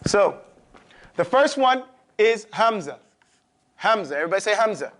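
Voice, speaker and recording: Brief: very high-voiced male teacher, drills a class in a classroom, keeps asking if they follow. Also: lively intonation, normal speed, fairly bright tone, slight background noise. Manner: drills pronunciation, checks in with "okay?". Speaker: Quran recitation teacher. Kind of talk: classroom lesson.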